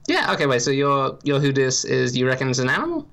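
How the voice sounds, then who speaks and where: A man from Ireland with a gravelly, creaky edge to his voice, trading dry, self-deprecating jokes on a podcast. He reads a long story aloud in an even, unhurried manner. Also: mid-range voice. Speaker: podcast co-host. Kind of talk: casual chat, reading a story aloud.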